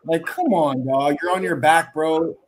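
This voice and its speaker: A man's voice: fairly high pitch, a little slow, slight background noise. Laid-back man saying bro and dude. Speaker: host. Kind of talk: casual live stream chat.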